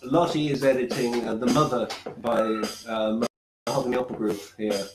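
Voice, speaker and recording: A man talks casually to a live-stream audience, hesitant and full of fillers. His voice sits at an ordinary pitch, the room is echoey, and music plays clearly in the background. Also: a little fast. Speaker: performer introducing his show.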